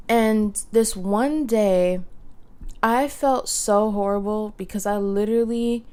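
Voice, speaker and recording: A woman's voice: medium pitch, slow pace, a little mellow, smooth. A young woman hosting a casual solo podcast, telling stories in a chatty way full of fillers. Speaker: podcast host. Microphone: podcast microphone.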